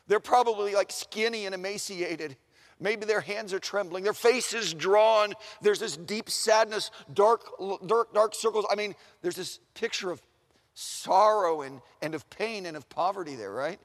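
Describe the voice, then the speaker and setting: A man preaching a sermon in an animated way, asking the room questions and acting out the voices he quotes. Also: high-pitched. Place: large chapel. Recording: long reverb of a large chapel.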